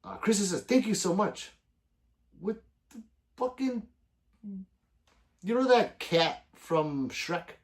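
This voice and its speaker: Man hosting a livestream, swinging pitch, casual and joking, curses a lot, sudden loud bursts. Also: expressive, slow pace, long pauses. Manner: loose, joking, swears freely, loud sudden outbursts. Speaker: gun channel livestream host. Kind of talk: casual livestream chat, reading viewer comments.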